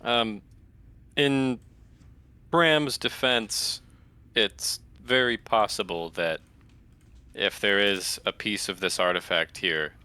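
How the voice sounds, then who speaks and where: A man's voice: lowish voice, fairly even intonation, takes it slowly, pauses often, pushed and bright, clean tone, dry recording. A man playing in a tabletop game, joking around with crude quips. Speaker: player. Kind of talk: casual chat.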